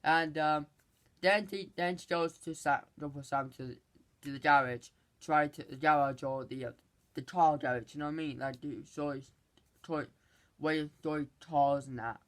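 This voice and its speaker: Movie reviewer rambling thru a plot recap, keeps restarting, gets all worked up. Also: mid-range voice. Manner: rambling, halting retelling with many restarts; excitable, exasperated asides.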